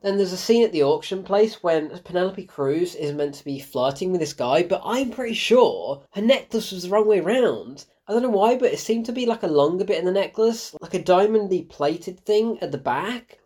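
This is a film reviewer speaking casually to camera and tearing into a bad movie. The delivery is sarcastic and exasperated, full of mild swearing and bursts of laughter, at an ordinary middle pitch. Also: animated, moderate pace, few pauses, warm tone, breathy edge.

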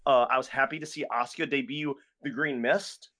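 A man's voice: mid-range voice, fairly even intonation, fairly quick, pushed and bright. A young man co-hosting a podcast, chatting casually and rambling with lots of fillers and restarts. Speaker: podcast co-host. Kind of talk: casual chat.

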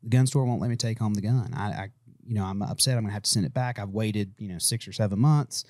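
A man's voice: lowish voice, quick pace, darkish tone, dry recording, studio quality, close to an everyday voice. A man retelling the words of a distraught male customer on the phone, in an upset, pleading way.

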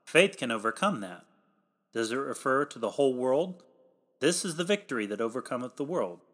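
Male preacher reading a formal sermon, mid-pitched voice, emphatic pulpit delivery that swells on the calls to act. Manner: emphatic, swells louder on exhortations; old-fashioned formal pulpit diction. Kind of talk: read sermon.

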